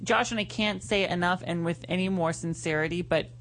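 A woman's voice: lowish voice, brisk, a bit bright, slight background noise. A woman co-hosting a casual radio talk show, chatty and friendly with callers. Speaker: co-host.

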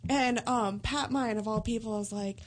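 Blunt, animated woman telling a story. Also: on the high side, normal speed. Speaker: podcast guest. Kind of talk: casual storytelling chat.

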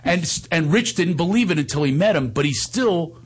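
A man hosting a casual chat, telling animated stories and laughing often. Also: fairly high pitch, moderate pace, slight background noise. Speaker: host.

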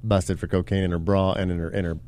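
A man's voice: deep voice, flat delivery, quick pace, mellow. A man co-hosting a radio show in a casual joking chat, with dry wisecracks.

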